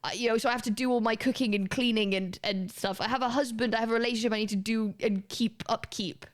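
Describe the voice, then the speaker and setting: A woman's voice: a little high, steady tone, quick pace. A woman, chatting casually and rambling as she streams a game, swearing now and then. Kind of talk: casual gaming commentary.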